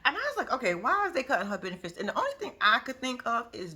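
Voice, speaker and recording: Woman vlogger in AAVE, lively bright recap chatter, husky edge. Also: a little high, quick pace. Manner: animated, laughing often, playfully cussing. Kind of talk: casual reaction recap.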